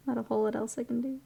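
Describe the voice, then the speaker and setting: A woman's voice: fairly high pitch, vocal fry, dark tone, breathy edge. Woman, young adult, casual livestream chat, laughs often, answers chat. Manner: chatty, laughs often, reads chat aloud. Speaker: streamer painting miniatures.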